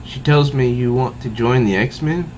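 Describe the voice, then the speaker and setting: A man voicing a calm, gentle woman team leader, reading her reassuring words from a comic. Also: mid-range voice, measured pace, slight background noise, natural voice, poor audio. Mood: kind.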